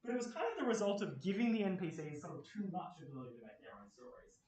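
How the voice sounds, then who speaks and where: With a high voice, big pitch swings, and a fast pace, a young adult Australian man delivers a casual, rambling workshop lecture in a university lecture room, chatty and full of fillers. A crowd can be heard in the background, and the far-off mic gives a roomy echo.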